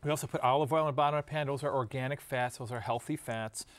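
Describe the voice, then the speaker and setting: A man's voice: mid-range voice, steady tone, racing. A middle-aged man co-hosting a healthy cooking segment, talking casually about a recipe and joking often. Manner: chatty, joking, restarts often. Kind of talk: casual studio chat.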